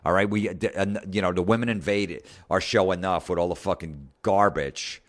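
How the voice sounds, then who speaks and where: A middle-aged man hosting a podcast, ranting in a profane, sarcastic way and mocking people with quick impressions. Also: sits low. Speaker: podcast host. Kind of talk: comedic rant.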